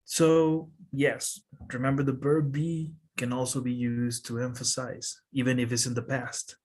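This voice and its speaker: A man's voice: medium pitch, flat delivery, a little slow, a little mellow. A man whose first language is Spanish, explaining English grammar to a student and checking in often. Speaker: English teacher.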